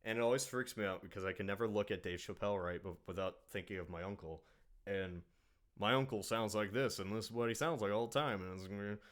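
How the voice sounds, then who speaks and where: A man with a low voice chatting on a podcast. He rambles, trails off and restarts with plenty of ums. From Ohio. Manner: rambling, halting with fillers. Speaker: podcast host. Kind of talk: casual chat.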